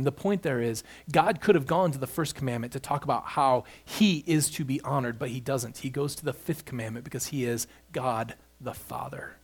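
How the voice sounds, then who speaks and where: A man's voice: mid-range voice, normal speed, hardly any pauses, husky. A man preaching an expository sermon, building emphasis on key points as he walks through scripture. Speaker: pastor.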